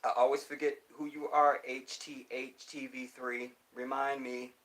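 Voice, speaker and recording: A man's voice: medium pitch, level tone, measured pace, fairly bright tone. Profane, emphatic male livestream host. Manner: preachy, keeps checking in with the listener. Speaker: livestream host reading viewer comments. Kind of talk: casual live chat.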